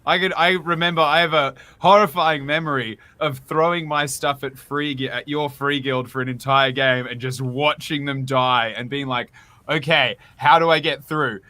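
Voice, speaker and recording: An Australian man with a bright, forceful voice chats as a guest. He tells stories with lively, self-mocking humour. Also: mid-range voice, normal speed, hardly any pauses. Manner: animated, self-mocking storytelling. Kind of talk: casual chat.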